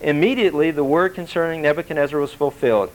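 A man preaching a sermon in a conversational, animated way, asking the congregation questions and acting out quotes in shifting voices. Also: a little high, fast, rough recording. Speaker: pastor.

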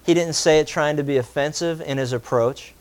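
A middle-aged man delivers a sermon, shifting between playful asides and earnest rhetorical questions. His voice sits a little higher than most men's, and he keeps an animated, conversational preaching style. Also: brisk. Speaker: pastor.

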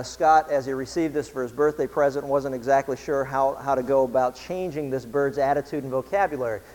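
Male pastor preaching in a reverberant hall. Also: mid-range voice. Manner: relaxed, conversational storytelling. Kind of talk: sermon.

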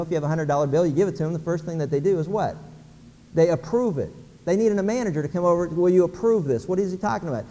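A man's voice: high voice, dark tone, long reverb tail, a little hiss or hum. A middle-aged man from Pennsylvania preaching a sermon, folksy, acting out little everyday scenes. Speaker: pastor.

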